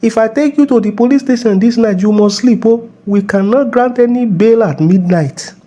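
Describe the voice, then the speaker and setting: In a comedy skit, a man with a Nigerian accent plays a bossy, mocking, bullying middle-aged traffic cop. His voice is high-pitched and dark in tone at normal speed, and he scolds as he speaks.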